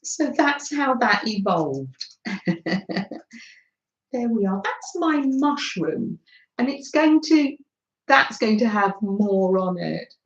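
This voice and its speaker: A woman's voice: medium pitch, sing-song, slow pace, long pauses. A middle-aged woman hosting a live craft stream, chatting casually with viewers, greeting them by name and laughing often. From Britain. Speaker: craft livestream host. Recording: slightly dull, roomy livestream audio.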